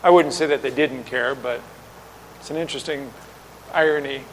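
A man preaching a sermon, explaining with lively rhetorical questions and acting out quoted lines. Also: mid-range voice, moderate pace, big-room sound, a little hiss or hum, low-quality recording. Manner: animated teaching, voices rhetorical questions and acts out quotes.

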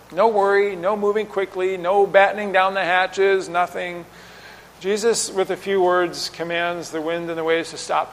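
High-voiced man preaching in a hall. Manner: animated teaching, voices rhetorical questions and acts out quotes. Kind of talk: sermon.

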